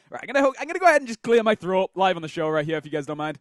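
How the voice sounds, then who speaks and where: A man's voice: a little high, very animated, fast talker, no room sound. A man hosting a show, casually commenting on game replays and thinking aloud with fillers, close to a desk mic.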